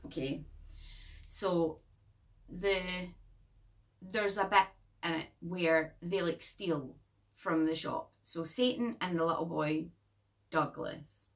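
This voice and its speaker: Chatty, low-voiced woman vlogging. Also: a bit bright, distant mic. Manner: chatty and rambling, swearing freely, jokey asides. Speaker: horror movie reviewer. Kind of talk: casual vlog chat.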